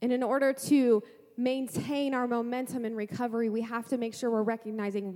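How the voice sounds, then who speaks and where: A woman pastor preaching a sermon to a congregation, lively, asking rhetorical questions and making playful asides. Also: on the high side, a little fast, long reverb tail.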